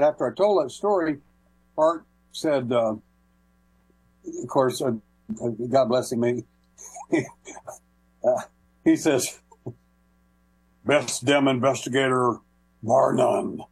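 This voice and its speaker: A man guesting on a call-in radio show tells folksy anecdotes at a slow pace, leaving long pauses, with many hesitations and small laughs. His medium-pitched voice is a little mellow and husky, and the recording is rough.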